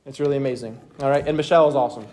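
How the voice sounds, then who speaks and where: A young man teaching a youth group from the Bible in a casual, energetic way, often checking in with his listeners. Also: mid-range voice, racing. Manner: energetic, checks in with "okay?" constantly.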